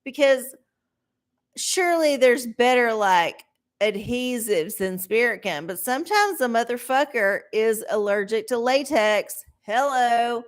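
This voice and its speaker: A woman's voice: on the high side, expressive, a little slow. A middle-aged woman reading oracle answers on a live stream, rambling, swearing and sarcastic. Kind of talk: casual live-stream chat.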